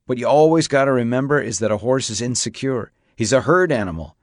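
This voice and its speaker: A man's voice: mid-range voice, animated, fairly quick, dry recording, studio quality, close to an everyday voice. A man voicing a weathered older horseman, barking commands at a rider and then talking him through it plainly and firmly. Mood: patient, firm. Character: weathered older horseman, stern but caring.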